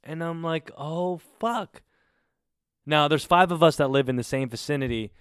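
A man in his twenties telling a story casually, in an animated and exasperated way with plenty of swearing. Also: on the high side, fairly quick, clean tone, no echo, studio quality. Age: 20s. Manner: animated, profane, exasperated retelling. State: recovering from covid.

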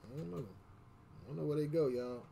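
A man's voice: a little high, moderate pace, creaky, warm tone, slight background noise. A man hosting a music podcast in a casual, slangy, laughing way. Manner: laid-back slangy banter with laughs. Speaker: podcast host. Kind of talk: casual chat.

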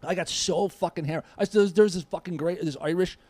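A man in his forties chatting as a podcast guest, his voice pitched high for a man and his words rushing out quickly. He tells stories animatedly, swearing freely, with plenty of casual energy. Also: dry recording. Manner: animated, profane storytelling.

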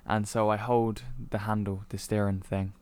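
A man's voice: fairly low pitch, little pitch movement, moderate pace, a little mellow, smooth, dry recording. A young man from Cornwall, a podcast co-host, rambling through a made-up story with lots of ums. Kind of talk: casual chat, telling a made-up story.

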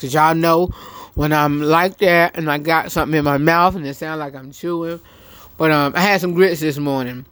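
A man's voice: fairly high pitch, normal speed, fairly bright tone, clean tone. A man hosting his own show, chatting casually to his live-stream audience, rambling with many ums and restarts while eating. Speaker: show host. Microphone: phone.

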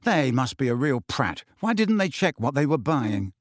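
A man's voice: medium pitch, very animated, normal speed, dry recording, studio quality, natural voice. A man reading aloud, voicing a blunt, hot-headed teenage boy wizard who grumbles. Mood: indignant.

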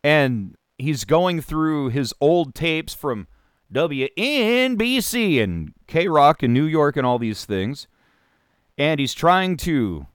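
A man's voice: mid-range voice, no echo, studio quality. A man hosting a talk radio show, delivering a sarcastic, opinionated monologue with mocking put-on voices.

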